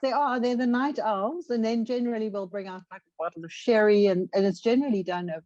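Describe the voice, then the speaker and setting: A woman's voice: a little high, fast talker, a little mellow, no echo, muffled recording. A woman co-hosting a podcast, chatting in a loose, rambling way full of fillers. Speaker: podcast co-host. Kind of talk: casual chat.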